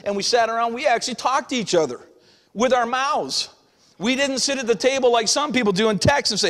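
This middle-aged pastor's voice is very high, animated and a bit bright, and he talks fairly quickly. He delivers his sermon folksily and conversationally, imitating everyday voices, with long hall reverb from the church sanctuary.

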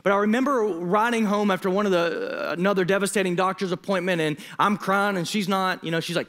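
A man in his thirties, a student pastor preaching a sermon, telling a personal story with emotion and quick asides. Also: high-pitched, fairly bright tone. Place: church hall.

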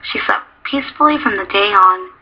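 Husky woman reading a storybook. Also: mid-range voice, lively intonation, normal speed. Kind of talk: storybook narration. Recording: dull lo-fi recording.

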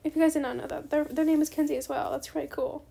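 A young woman chatting bubbly and fast while playing a game, often saying bestie. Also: high-pitched, steady tone, gravelly, dark tone. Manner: bubbly, fast-talking, says bestie a lot. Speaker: gaming YouTuber. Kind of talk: casual gameplay commentary.

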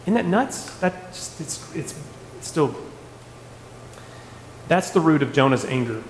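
A man leading a casual Bible study, animated, asking the group rhetorical questions and restarting his sentences. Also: medium pitch, takes it slowly. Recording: echoey hall, faint room noise.

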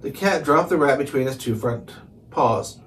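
A man narrating a chapter book aloud in calm, steady read-along storytelling. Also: mid-range voice, moderate pace, faint music behind. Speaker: storybook reader. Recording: distant mic, faint hiss.

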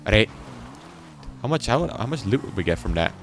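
A man's voice: medium pitch, big pitch swings, moderate pace, slight background noise. A man hosting a gaming channel, rambling and joking to himself as he plays. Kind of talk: let's play commentary.

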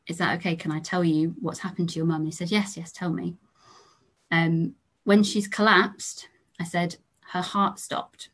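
A young English woman gives a lecture as a trainee doctor, recounting stories from her work. Her voice sits slightly low, and she speaks in a calm, measured way, letting her sentence endings fade softly. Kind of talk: storytelling lecture.

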